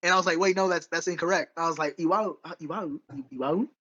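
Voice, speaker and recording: A man's voice: sits high, steady tone, rapid-fire, bright, forceful tone, dull audio. A man co-hosting a podcast in casual chat, rambling and correcting himself as he goes, with frequent laughs. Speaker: podcast co-host.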